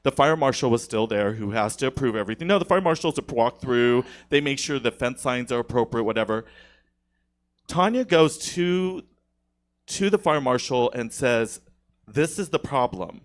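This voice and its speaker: A man's voice: mid-range voice, moderate pace. A man as a guest on a podcast, telling a long, indignant story in casual studio chat, with many restarts.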